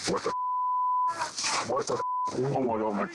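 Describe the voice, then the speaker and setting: A man in body camera footage, agitated and shouting commands. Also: mid-range voice, wildly swooping pitch, moderate pace. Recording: noisy body camera audio.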